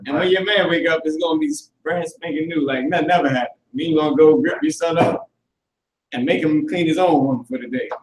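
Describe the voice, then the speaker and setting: A man leading a casual group discussion as teacher, animated and profane, often laughing as he talks. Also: a little high, fairly quick, echoey room, recorded from a distance, rough recording.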